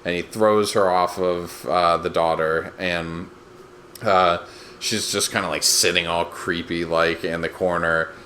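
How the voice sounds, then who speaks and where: Low-voiced guy in his 30s, easygoing rambly podcast recap. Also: fairly even intonation, unhurried, sharp tone, slight background noise. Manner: laid-back, rambling storyteller. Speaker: podcast co-host. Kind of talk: casual chat recapping a TV episode.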